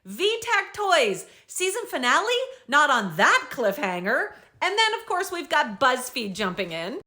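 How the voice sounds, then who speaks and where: A woman's voice: high-pitched, sing-song, unhurried, bright, forceful tone. A young woman host recapping and reading out social media comments in an upbeat, bubbly way.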